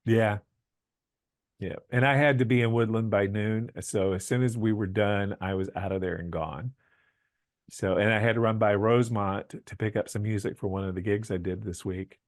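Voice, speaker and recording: A man's voice: on the low side, fairly even intonation, moderate pace, no echo, studio quality. A man hosting a church podcast in a casual, chatty way, rambling a little with fillers and asides. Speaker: church podcast host and musician.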